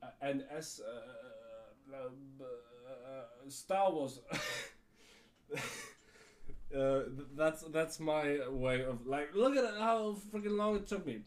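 A man's voice: medium pitch, slow. A man with a cold telling a rambling story on his podcast, full of fillers, restarts and casual swearing. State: has a cold. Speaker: podcast host.

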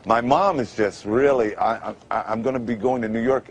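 Emotional man stammering through an interview. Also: mid-range voice. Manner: halting, stammering restarts. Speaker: interview guest.

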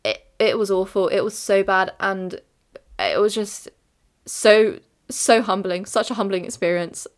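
A woman's voice: medium pitch, animated, measured pace. A young woman hosting her own podcast, talking through her thoughts in a candid, rambling way with lots of fillers and self-corrections. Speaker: podcast host. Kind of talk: reflective solo podcast monologue.

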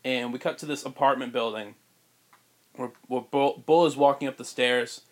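A man co-hosting a podcast, pitching a story in rambling casual chat with many fillers and frequent laughs. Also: steady tone, normal speed. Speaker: podcast co-host.

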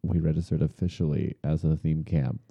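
A man with a very low voice tells stories in a loose, animated way, full of "like." He is from Long Island and talks as a podcast co-host. The sound is dry and a touch dull. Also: brisk, gravelly, no room sound. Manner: animated storyteller, lots of "like". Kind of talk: casual chat.

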